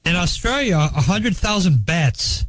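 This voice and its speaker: A man co-hosting a radio show, tossing in quick wisecracks and reading odd news. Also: high-pitched, sing-song, fairly bright tone. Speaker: radio co-host. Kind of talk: casual chat.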